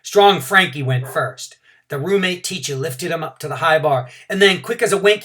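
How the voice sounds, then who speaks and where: A man, a teacher, reading a children's storybook aloud in an animated, expressive way. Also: on the high side, moderate pace.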